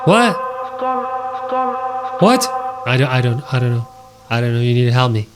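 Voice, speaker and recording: A man's voice: mid-range voice, normal speed, noisy background. Jokey man narrating a horror game. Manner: excitable, joking, talks to the viewers. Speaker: gaming YouTuber. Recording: loud game music underneath. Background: loud game music.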